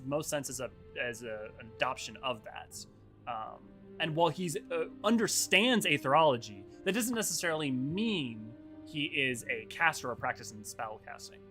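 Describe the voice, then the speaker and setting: Animated, self-deprecating male streamer. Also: medium pitch. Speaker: lore streamer. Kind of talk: casual live-stream commentary.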